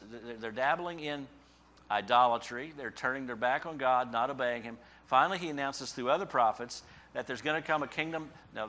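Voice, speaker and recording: A pastor with a mid-range, sharp-toned voice preaches a sermon conversationally, often adding asides that end in "okay?" to check in. When he voices a prophet's cries, his pitch rises sharply.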